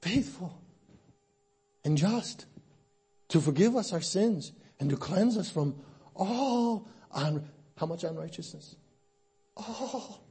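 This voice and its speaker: Male preacher, husky voice, lively slightly high pitch, conversational sermon that drops quiet then builds to emphasis. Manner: conversational, swings between hushed and emphatic. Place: church.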